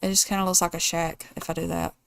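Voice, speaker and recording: A woman's voice: on the low side, flat delivery, fast, gravelly, clear, resonant tone, no echo. A woman hosting a casual let's play, thinking aloud and weighing choices as she builds. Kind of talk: casual gameplay commentary.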